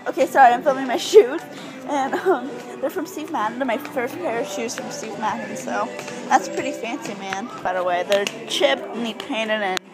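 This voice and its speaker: A young woman chatting in a rambling, giggly, excitable way as she vlogs on her phone while walking through stores. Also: on the high side, normal speed, over music, crowd noise, low-quality recording. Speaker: vlogger. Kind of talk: casual vlog chat. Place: inside stores and a mall. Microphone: phone held while filming.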